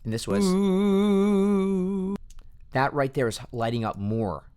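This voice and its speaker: A man coaching a choir on singing, talking quietly at home at night and losing his voice a little. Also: mid-range voice, a little fast. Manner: quiet, hushed speech to avoid waking kids. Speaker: vocal coach. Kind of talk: casual coaching talk over recordings.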